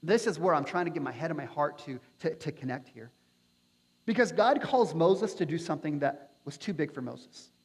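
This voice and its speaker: A man preaching a sermon as pastor, animated and acting out quotes with playful asides. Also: on the high side, normal speed, husky. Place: church sanctuary. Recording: long church reverb.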